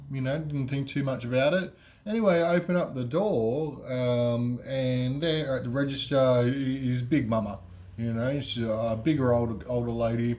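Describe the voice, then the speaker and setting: A man's voice: medium pitch, normal speed, darkish tone. A middle-aged man, a podcast host, telling a rambling story in a casual way, full of ums and you-knows.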